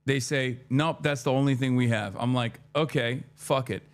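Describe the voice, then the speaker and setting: Male streamer, thirties, mid-pitched, rambling profane storytime chat with acted-out quotes. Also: normal speed, clean tone. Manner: rambling, profane, animated retelling with quoted dialogue.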